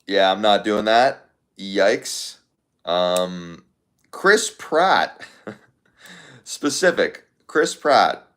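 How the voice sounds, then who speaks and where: A man's voice: fairly low pitch, lively intonation, very slow, pauses often, a bit bright. A young man casually chatting to his viewers, thinking aloud in a rambling way with lots of fillers. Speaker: content creator.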